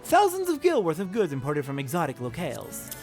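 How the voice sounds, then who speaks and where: A man's voice: fairly high pitch, wildly swooping pitch, fairly quick, a little mellow, soft background music. A man voicing a pompous, greedy male merchant who whines about his losses. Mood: indignant. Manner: pompous, whiny.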